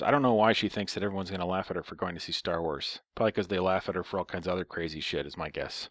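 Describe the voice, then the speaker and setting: A man's voice: sits low, very fast, hardly any pauses, no room sound, studio quality. A young man telling a rambling, profane, sarcastic story in casual chat. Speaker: storyteller vlogger.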